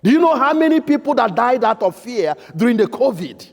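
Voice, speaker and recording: A male priest delivering a homily with a high, lively voice that leaps between bursts of shouting and near-whispered lines. His tone is husky with a gravelly edge. The sound rings with the long echo of a church. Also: a little fast. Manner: emphatic, swinging between loud outbursts and soft quiet lines. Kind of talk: sermon. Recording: echoey church hall.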